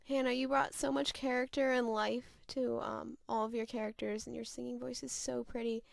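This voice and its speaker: A woman gushes praise for her castmates in casual shoutouts. Her voice is fairly high, with a gravelly fry. The sound is dry and close. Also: flat delivery, normal speed, dry recording. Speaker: theater cast member giving shoutouts.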